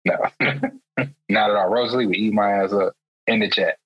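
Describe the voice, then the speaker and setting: A man's voice: on the low side, fairly even intonation, moderate pace, husky, dry recording, highs cut off. A young man chatting as a podcast guest, laughing often and talking in easy slang. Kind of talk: casual podcast chat.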